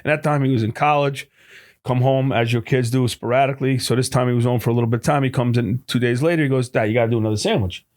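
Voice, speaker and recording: Talking fast in a medium-pitched voice, this middle-aged New Jersey man is a deli owner sharing stories as a guest in a relaxed conversation. He performs the dialogue with lots of animation and drops curse words casually.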